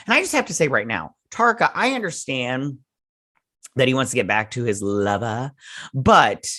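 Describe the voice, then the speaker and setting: A man's voice: mid-range voice, big pitch swings, normal speed, bright, forceful tone. A man in the middle of his vocal range talks loosely through an episode recap. He keeps falling back on filler and paraphrased dialogue, with an easy, unpolished review-show delivery. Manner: rambling, retells scenes in loose paraphrase. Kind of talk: casual episode breakdown.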